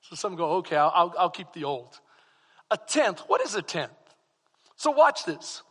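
A man with a Texan accent preaching a sermon as pastor, swinging from quiet asides to fervent exclamations. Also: high voice, very animated, normal speed, breathy edge, long reverb tail.

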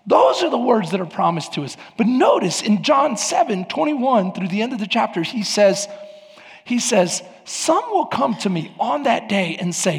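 A man preaching a sermon as pastor of a church, with emphatic rises and sudden shouts. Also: high voice, big pitch swings, moderate pace, vocal fry, in a large hall. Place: church sanctuary.

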